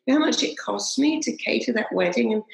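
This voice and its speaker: A woman's voice: a little high, lively intonation, fast talker, vocal fry, reverberant, poor audio. A woman who trains hypnotherapists, telling stories emphatically in an interview and acting out inner voices. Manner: emphatic, acts out inner voices, repeats slogans. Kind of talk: animated interview storytelling.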